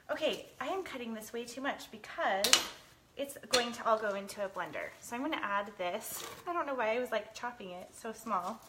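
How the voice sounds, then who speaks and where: A woman's voice: mid-range voice, fairly bright tone, slight background noise. A woman in her thirties hosting a live cooking stream from her kitchen, chatting with viewers, laughing often, teary from cutting onions. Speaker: lifestyle show host. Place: home kitchen.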